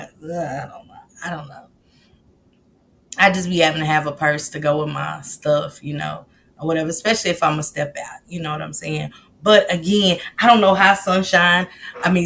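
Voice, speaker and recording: A woman's voice: fairly low pitch, gravelly, a bit bright. A middle-aged woman hosting a casual livestream, greeting chat viewers by name in loose, slangy talk. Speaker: livestream host.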